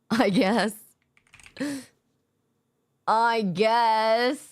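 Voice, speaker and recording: Young woman streamer, casual just-chatting, relaxed and foul-mouthed, mid pitch. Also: unhurried, pauses often. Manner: laid-back, swears a lot, laughs often. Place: home streaming setup.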